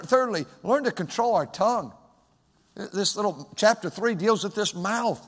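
A man preaching a sermon as pastor, swinging from loud shouted emphasis to soft, hushed asides. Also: high voice, lively intonation, measured pace. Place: church sanctuary. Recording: long hall reverb.

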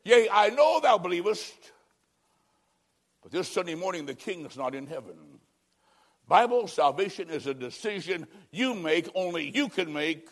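A man preaching a dramatic evangelistic sermon, swinging from loud emphasis down to hushed, low endings. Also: lively intonation, normal speed.

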